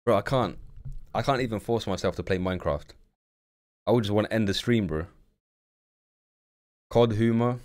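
A young man talks casually in a somewhat low voice, blunt and full of slang. He swears freely and chats loosely with his viewers as he reacts on a live stream. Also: normal speed, long pauses, a little mellow.

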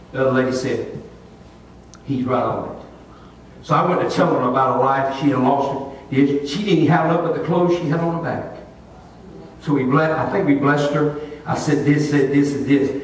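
A male pastor preaching a sermon, telling a folksy story in an animated way. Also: mid-range voice, moderate pace, slight background noise. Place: church sanctuary. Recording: echoey church hall, distant mic.

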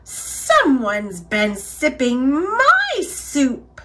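A woman's voice: high-pitched, huge pitch swings, drawn-out words, fairly bright tone, exaggerated voice. A woman voicing a fussy middle-sized female mama polar bear in a storybook, huffing and growling. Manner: huffy, growling.

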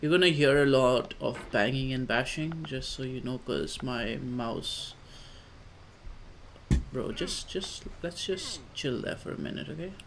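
A man doing casual let's play commentary, coaxing his character along with repeated calm-down phrases. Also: mid-range voice, unhurried, background noise. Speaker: gamer.

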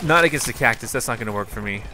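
A young man giving excitable live commentary on a video game, talking to his viewers with jumpy exclamations. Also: medium pitch, rapid-fire, heavy background noise. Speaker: gaming YouTuber.

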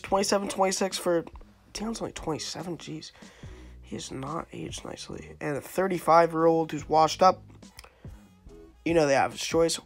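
A man's voice: fairly high pitch, fairly bright tone. A young man giving casual, chatty commentary on his gameplay, second-guessing himself as he goes. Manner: chatty, self-interrupting, wavering pick by pick. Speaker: gaming YouTuber.

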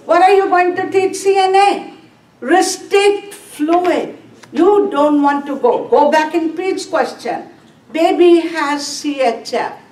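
A woman with a high voice teaches a nursing class at a slow, deliberate pace. She fires questions at the room and answers them herself, driving home key terms by repeating them. She is picked up from across an echoey classroom. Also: darkish tone. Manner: asks and answers her own questions, repeats key words. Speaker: nursing instructor. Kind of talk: classroom lecture. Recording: roomy classroom from a distance.

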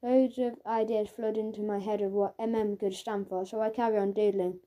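A woman narrating a children's audiobook in the first person, in a lively, playful storytelling manner. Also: mid-range voice, brisk, hardly any pauses.

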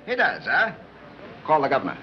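A man playing an indignant city official giving brisk commands, on a dull 1930s film soundtrack with hiss. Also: mid-range voice, huge pitch swings. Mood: blustering. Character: indignant blustering city mayor.

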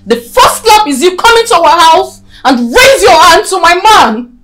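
A fierce, jealous young woman shouts scornfully in a very high, bright, lively voice. The speech is slow and drawn out, and the Nigerian accent is clear. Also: a little hiss or hum, heavily acted. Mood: furious. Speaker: actress. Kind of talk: Nollywood film acting.

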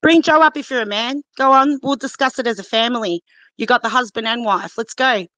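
A woman's voice: a little high, fairly quick, a bit bright, dry recording, rough recording. A woman from Australia, calling into a live stream and swearing angrily through a heated argument. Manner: angry, swearing, hurling insults. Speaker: caller.

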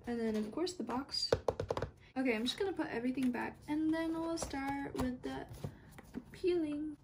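A young woman filming an unboxing vlog, excited and gushing, sometimes dropping to a whisper. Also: high voice, moderate pace, background noise. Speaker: YouTuber.

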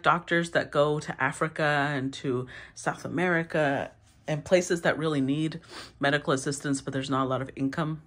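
A woman giving a solo tarot reading, thinking aloud with sighs, restarts and throat clearing. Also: sits low. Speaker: tarot reader.

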